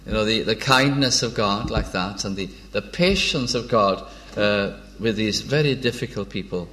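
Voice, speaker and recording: A man preaching an informal sermon. He is unhurried, pauses often and restarts his phrases, and reads old biblical verses in a measured tone. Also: fairly low pitch, a bit bright, a little hiss or hum. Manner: unhurried, with frequent hesitations and restarts.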